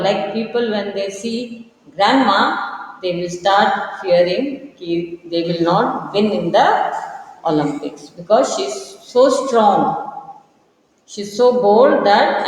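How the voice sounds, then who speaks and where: A woman teacher explaining a poem to pupils, repeating key lines and explaining words slowly. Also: mid-range voice. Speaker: school teacher. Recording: echoey room with long reverb.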